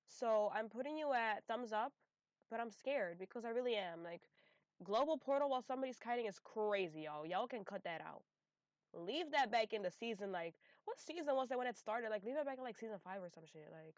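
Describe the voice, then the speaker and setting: A woman's voice: a little high, no room sound. Sassy young woman ranking game characters. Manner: sassy, blunt, slangy, addresses viewers as y'all. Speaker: gaming video creator. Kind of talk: casual tier-list commentary.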